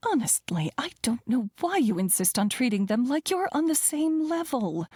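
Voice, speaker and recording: A woman's voice: medium pitch, sing-song, a little slow, darkish tone, no echo, clean studio sound. Woman voicing a snobbish, scolding rich mother. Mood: disdainful. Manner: hissing, clipped, scolding. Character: snobbish rich older mother, cold and disapproving.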